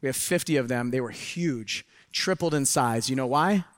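A middle-aged man giving a live, preachy seminar talk to an audience, swinging between loud urging and hushed asides. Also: medium pitch, normal speed, no room sound, clean studio sound. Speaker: motivational speaker. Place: event hall with a live audience.

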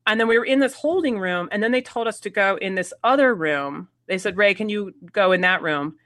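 A woman's voice: medium pitch, brisk, dry recording, clean studio sound. A woman telling an anecdote in a casual interview, acting out quoted lines and laughing often. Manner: animated storyteller, acts out quotes, laughs often. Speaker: actress guest.

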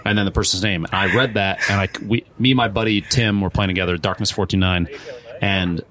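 Rambling, animated man with a lowish voice. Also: fairly quick. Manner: rambling, animated, many restarts and acted-out quotes. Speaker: pro streamer guest. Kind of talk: casual interview answer. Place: event venue.

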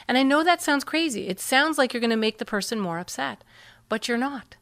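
A woman guest in an interview, explaining parenting techniques in an earnest, animated way and often acting out what kids and parents say. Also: fairly high pitch, moderate pace, creaky.

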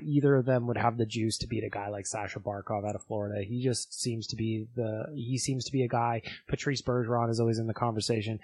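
A male podcast host from Canada chats casually with his listeners and laughs easily. His voice is mid-pitched. The recording is dry and close. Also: a little mellow, husky, no echo.

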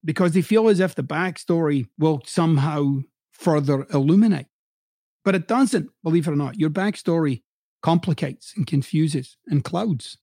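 A man's voice: on the high side, normal speed, mellow, no echo, clean studio sound. A middle-aged man who hosts a podcast and used to coach, giving a blunt, profane motivational monologue with heavy emphasis. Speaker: podcast host, former coach.

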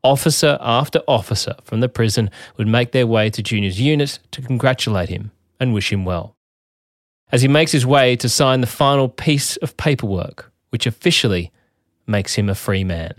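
A man's voice: mid-range voice, lively intonation, normal speed, dry recording. Man host, dry close sound. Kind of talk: documentary narration and interview chat.

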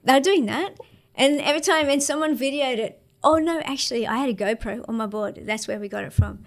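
Australian woman, 30s, interview guest; casual, slangy, higher voice. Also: a little fast. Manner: laid-back, slangy, many fillers. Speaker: interview guest, para-surfer.

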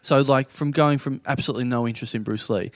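A man with an Australian accent, a podcast host, telling quick jokey anecdotes. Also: medium pitch, dry recording, clean studio sound. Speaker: podcast host, comedy club runner. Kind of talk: casual chat.

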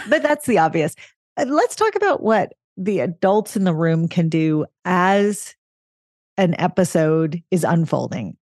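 A woman's voice: on the low side, a little mellow, no echo, clean studio sound. A woman co-hosting a podcast, explaining ideas on parenting in a thoughtful, explanatory way. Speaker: podcast co-host. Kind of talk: casual parenting discussion.

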